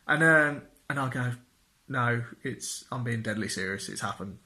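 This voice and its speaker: A man's voice: medium pitch, moderate pace, bright, forceful tone. A young man telling a personal story to camera, self-deprecating and jokey, acting out what people said in raised voices. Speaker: vlogger.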